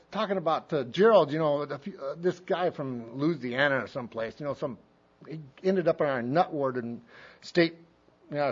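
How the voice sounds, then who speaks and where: High-voiced man telling a folksy story. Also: fairly bright tone. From Montana. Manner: folksy storytelling, acts out quotes. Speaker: AA speaker. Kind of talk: recovery meeting speaker share. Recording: dull lo-fi meeting tape.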